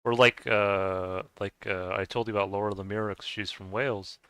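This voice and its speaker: Male streamer, low, smooth and clear voice, dry close sound, rambling chatter full of stammered restarts. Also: steady tone, normal speed, fairly bright tone, dry recording. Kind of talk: casual chat with viewers while gaming.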